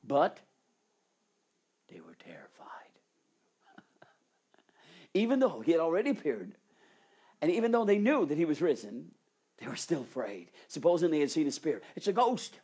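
A preacher in full sermon mode with a mid-range voice. The delivery is highly dramatic, dropping to hushed, almost whispered passages and then rising into fervent, exclaiming peaks. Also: sing-song, moderate pace, long pauses, husky.

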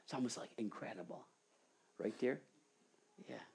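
A preacher delivering a sermon, moving between soft near-whispers and fervent, excited exclamation. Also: mid-range voice, moderate pace, gravelly, slightly rough.

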